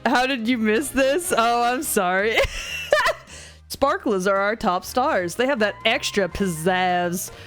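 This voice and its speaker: A young woman streaming a video game in a casual, animated way, giggling, swearing and reading dialogue aloud on a desk mic. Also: a little high, slow pace. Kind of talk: casual let's-play commentary. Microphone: desk mic with webcam. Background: faint game music.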